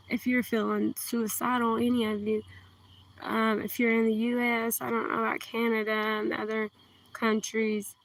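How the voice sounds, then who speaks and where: A woman with a southern Kentucky accent, chatting on a livestream outdoors at night, speaking slowly and carefully enunciating into a phone. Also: on the high side, vocal fry. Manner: slow, deliberately enunciated, soft-spoken. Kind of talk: casual livestream chat. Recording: distant phone mic, faint outdoor hiss.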